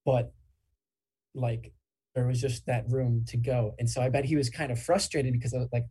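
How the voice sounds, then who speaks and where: Husky, mellow-voiced young man musing. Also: medium pitch, fairly even intonation, moderate pace. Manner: reflective, rambling, lots of "like". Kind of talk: casual podcast chat.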